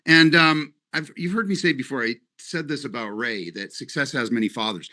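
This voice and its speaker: Bright-voiced rambling company leader, a man. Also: on the high side, a little fast. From Canada. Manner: rambling, animated and joking. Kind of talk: live webinar presentation.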